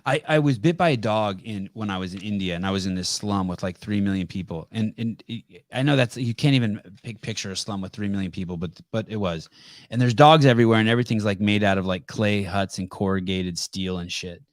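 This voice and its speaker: A man with a lowish voice hosts a casual call-in podcast. He tells stories in a blunt, unfiltered way and swears freely. The sound is dry and close, with no room echo. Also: fairly quick. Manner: blunt storyteller with profanity. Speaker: podcast host. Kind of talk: casual call-in show chat.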